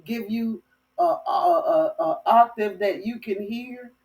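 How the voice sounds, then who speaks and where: A woman from Florida telling a lively story as host of a dating advice talk, with folksy phrasing. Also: medium pitch, takes it slowly, distant mic, rough recording. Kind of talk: casual storytelling monologue.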